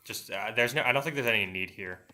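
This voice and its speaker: A man's voice: lowish voice, quick pace, pushed and bright. A man commentating a strategy game match, thinking aloud with many fillers and restarts. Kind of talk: esports commentary.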